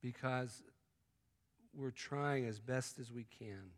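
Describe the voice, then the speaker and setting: A man preaching a sermon, swinging from loud exclamations to hushed, intimate tones. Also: mid-range voice, takes it slowly. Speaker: pastor. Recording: long hall reverb.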